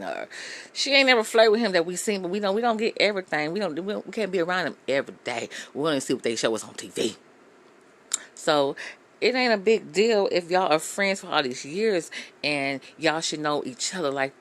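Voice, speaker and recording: A low-voiced woman hosts a casual reaction commentary, blunt and full of profanity. Her talk is loose and opinionated. Faint noise hums behind her. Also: a bit bright. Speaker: host.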